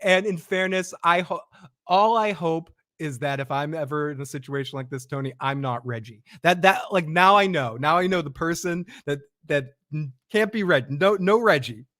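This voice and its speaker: A man co-hosting a casual recap chat about a TV episode, animated and often acting out lines from the scenes. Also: fairly high pitch, moderate pace, no echo, clean studio sound. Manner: animated, acts out scenes with quoted voices, laughs often. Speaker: podcast co-host recapping a TV episode.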